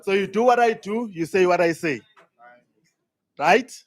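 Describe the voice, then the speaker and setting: A man calls out a sing-along game to a conference crowd in a very high, strained shout. He is loud and high-spirited and sings each line so the audience can echo it back. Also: a little slow. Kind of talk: call-and-response sing-along.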